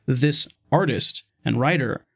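A man's voice: mid-range voice, takes it slowly, gravelly, a bit bright, breathy edge, no echo, clean studio sound. A man hosting a casual podcast, talking enthusiastically and upbeat. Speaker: podcast host.

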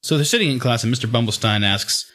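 A man's voice: mid-range voice, quick pace, pushed and bright. A man chatting casually on a podcast about a comic, telling scenes with laughter and acting out the characters.

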